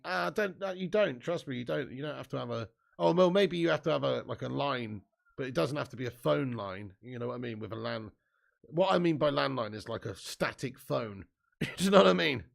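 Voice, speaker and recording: A man's voice: on the high side, vocal fry. A man hosting a live football watch-along, commenting on play and casually reading viewer comments aloud with plenty of swearing.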